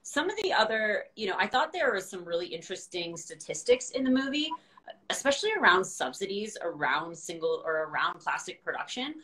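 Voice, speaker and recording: A woman's voice: lowish voice, big pitch swings, a little fast, bright, forceful tone, low-quality recording. A young woman guest on a video call, talking candidly and animatedly, with frequent laughs and blunt words. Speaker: guest, founder of a reusable straw company. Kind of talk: casual video-call chat.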